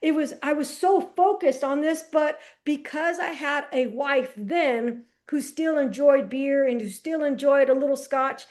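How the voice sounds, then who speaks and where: Woman guest, lively storyteller, high voice, casual slang, acts out conversations. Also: measured pace, hardly any pauses. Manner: animated storyteller who acts out dialogue. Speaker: podcast guest. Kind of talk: personal testimony in casual conversation.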